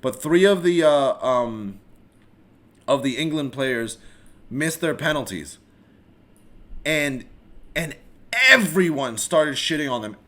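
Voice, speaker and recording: A man hosts a solo live-streamed podcast, his voice a little high and his pace slow with long pauses. He rants casually and animatedly, swearing freely, restarting often and wandering into rambling asides.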